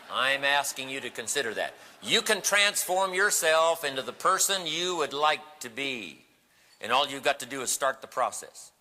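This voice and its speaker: A man delivers a motivational seminar talk with a piercingly bright tone. He tells stories with animation and slips into the voices of the people in them. The recording carries a long hall reverb. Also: a little high. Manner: animated storytelling, acting out quoted voices. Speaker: motivational speaker. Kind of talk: seminar storytelling speech.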